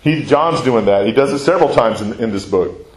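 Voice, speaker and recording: A man's voice: mid-range voice, animated, brisk. Man teaching scripture in a very echoey room. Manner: conversational, asks questions and answers them. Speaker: Bible teacher. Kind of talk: verse-by-verse Bible teaching.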